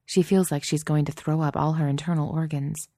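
A woman narrating a story in a steady, soft-spoken audiobook style. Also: low-pitched, a little fast, no room sound, clean studio sound.

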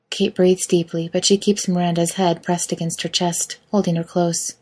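Husky low-voiced woman narrating. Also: little pitch movement, normal speed, few pauses, mellow. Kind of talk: intimate audio story narration.

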